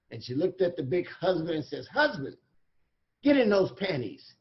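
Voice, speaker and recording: A man's voice: on the high side, muffled recording. A man giving a guest talk at a recovery meeting, telling jokes and stories in a folksy, earnest way over a video call. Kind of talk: storytelling talk.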